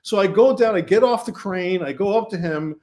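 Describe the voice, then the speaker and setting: Man from Brooklyn, film director guest, highish voice, animated storyteller. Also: a little fast. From Brooklyn, New York. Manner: animated anecdotes, quotes himself and others. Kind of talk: casual storytelling.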